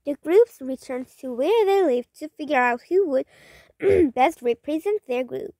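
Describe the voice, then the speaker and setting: A woman's voice: high-pitched, no echo. A woman reading a children's story aloud, stumbling and correcting words as she goes. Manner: halting, rereads and corrects words. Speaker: storybook reader.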